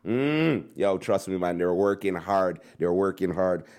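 Man, radio host, low voice, laid-back, slangy, repeats himself, dips into patois, studio. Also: animated, unhurried, darkish tone. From Montreal. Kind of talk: casual radio chat with shout-outs.

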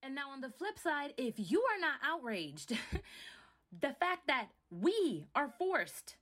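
A woman's voice: high-pitched, very animated, slow pace, fairly bright tone. A woman from Montreal giving emphatic opinion commentary as a vlogger, often checking in with "right?". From Montreal, Canada. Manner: emphatic, keeps asking "right?".

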